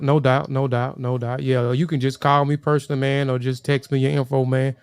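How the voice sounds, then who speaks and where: A man's voice: mid-range voice, level tone, normal speed, a little mellow, clean tone, no echo, clean studio sound. Rambling man hosting a casual livestream. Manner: rambling, repeats words, addresses chat viewers. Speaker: livestream host.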